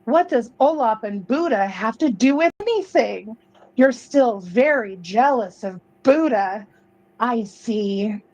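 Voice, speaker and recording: A woman's voice: fairly high pitch, expressive, slow pace, a little mellow, lo-fi sound. A woman in a played video clip, talking in a sassy, blunt and mocking way. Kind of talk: casual video commentary.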